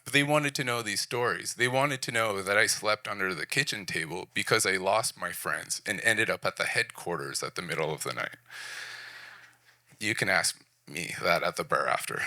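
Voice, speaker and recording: A man in his forties from Prince Edward Island, Canada, gives a candid, self-deprecating personal storytelling talk at a design event venue, speaking in short, punchy phrases. His voice is fairly low with a sharp tone, captured as clean studio sound with no room sound.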